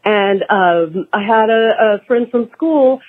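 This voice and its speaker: A woman's voice: medium pitch, slow. A woman leaving a voicemail, telling a meandering story in a chatty way with frank asides. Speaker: voicemail caller. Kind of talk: rambling phoned-in story. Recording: tinny phone line.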